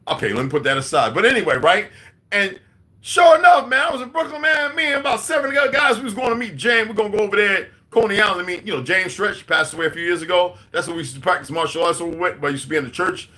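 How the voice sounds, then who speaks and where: A middle-aged man, telling loud, profane street stories to his livestream chat. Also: high-pitched, lively intonation, fast. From New York. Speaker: livestream host. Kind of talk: casual livestream storytelling.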